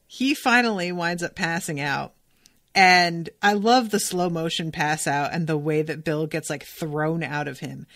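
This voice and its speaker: A woman's voice: lowish voice, fairly bright tone, no room sound, studio quality. A woman hosting a podcast, casually recapping an episode with lots of filler words and amused asides. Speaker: podcast host recapping a cartoon.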